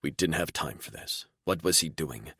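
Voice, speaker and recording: A man narrating a fantasy romance audiobook in the first person, with steady, even storytelling. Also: rumbling low, normal speed, husky, dry recording, studio quality.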